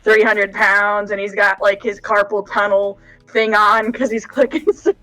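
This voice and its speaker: A woman co-hosting a podcast in casual chat, talking in an animated, emphatic way and repeating her points. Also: medium pitch, a little slow, soft background music, low-quality recording. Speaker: podcast co-host.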